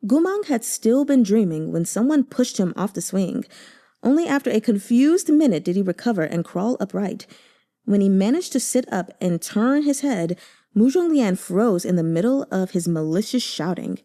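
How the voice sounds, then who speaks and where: A woman narrating a novel aloud with expressive, emotive delivery. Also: medium pitch, normal speed. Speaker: audiobook reader.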